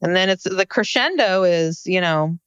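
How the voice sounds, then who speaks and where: A woman's voice: fairly low pitch, animated, moderate pace, clean tone, dry recording, muffled recording. A woman co-hosting a podcast, recapping a reality show in casual chat with a wry, sardonic manner. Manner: wry, sardonic, narrates scenes. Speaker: podcast co-host.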